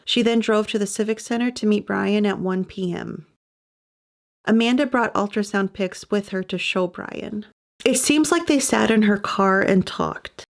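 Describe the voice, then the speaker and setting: A woman reads true-crime narration in her own podcast, pausing for sympathetic asides. Her voice carries steady vocal fry and sits in a middle range. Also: mid-range voice. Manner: adds sympathetic personal asides. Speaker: podcast host.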